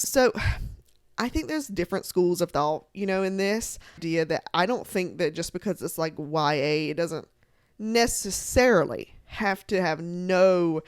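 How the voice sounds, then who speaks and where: A woman's voice: fairly low pitch, smooth, no room sound, clean studio sound. Chatty young woman reacting to book tropes. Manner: chatty, animated, lots of "like" fillers and laughs. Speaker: book content creator. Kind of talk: casual chat to camera.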